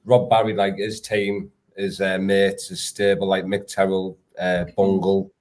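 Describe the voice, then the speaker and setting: Low-voiced interviewer. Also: male voice, completely flat delivery, measured pace, a little mellow. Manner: laid-back, sweary, says "mate". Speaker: podcast interviewer. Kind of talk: casual interview chat.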